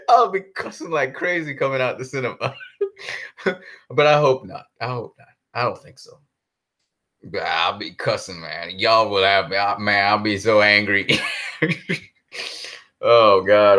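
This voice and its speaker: A man vlogging a casual solo monologue about movies, animated and jokey, spinning exaggerated comic rants. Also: mid-range voice. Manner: animated and jokey, often breaking into laughter.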